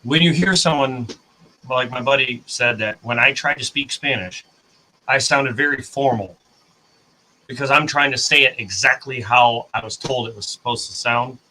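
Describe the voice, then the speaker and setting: Streamer type: American man, bright and forward tone, chatty and self-correcting. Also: medium pitch, normal speed, slight background noise, low-quality recording. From United States. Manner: rambling, self-correcting, talks to chat. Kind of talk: casual chat on a live stream.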